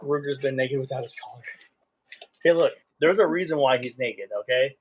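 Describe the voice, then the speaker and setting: A man who is a live streamer, rambling in a casual interview and getting animated when excited. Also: mid-range voice, moderate pace, a little hiss or hum.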